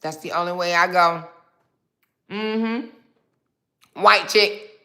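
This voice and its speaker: A woman hosts a casual livestream and talks to her viewers with a sharp, bright tone. She reads out their comments, teases and mocks them, and nibbles on snacks as she goes. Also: on the low side, slow. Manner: sassy, mocking, talks straight to viewers. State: snacking while talking. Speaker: livestream host.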